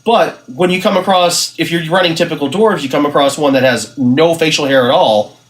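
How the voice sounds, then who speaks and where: A man's voice: fairly high pitch, brisk. Man, podcast co-host, casual chat, encouraging, frequent "you know" filler. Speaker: podcast co-host, game master.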